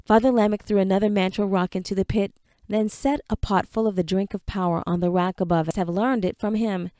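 A woman reading an audiobook aloud in a measured storytelling manner. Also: medium pitch, steady tone, warm tone, no echo, clean studio sound. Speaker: audiobook narrator. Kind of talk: scripted narration.

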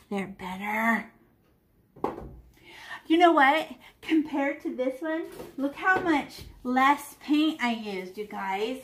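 The middle-aged art teacher speaks slowly in a high, animated, slightly bright voice while leading children in a live painting lesson. She keeps up a chatty, playful running commentary on each brushstroke.

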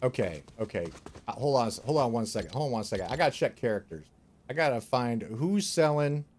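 A man giving casual, rambling commentary while streaming a game, with quick exclamations and a wired edge from coffee. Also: mid-range voice, expressive, a little mellow, a little hiss or hum. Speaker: gaming streamer. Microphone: studio dynamic microphone.

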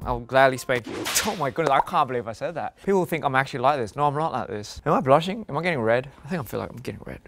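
A man's voice: medium pitch, lively intonation, racing, few pauses, music in the background. Young man, mid-range voice, playful reader of fan posts, light laughter throughout. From Australia. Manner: giggly, playful, self-deprecating. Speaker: singer reading fan tweets. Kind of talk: casual amused reading aloud.

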